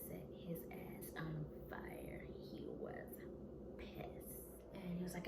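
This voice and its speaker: A woman vlogger telling a personal story in an earnest way, sometimes dropping to a hushed whisper. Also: on the low side, flat delivery, takes it slowly. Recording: roomy with clear background noise.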